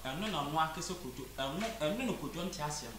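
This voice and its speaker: A woman with a Ghanaian accent talks through an issue on a chat show in a fairly low voice. She talks emphatically and doubles up words when she presses a point. The room is echoey, with a faint hiss behind her. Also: expressive, fast. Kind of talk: casual chat show discussion.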